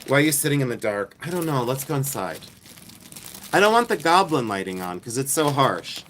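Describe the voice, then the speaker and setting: Very animated and fairly quick, this middle-aged American jewelry reseller hosts a relaxed night-time livestream outdoors, cracking self-deprecating jokes with viewers. His mid-range voice is fairly bright, and there's a little hiss or hum.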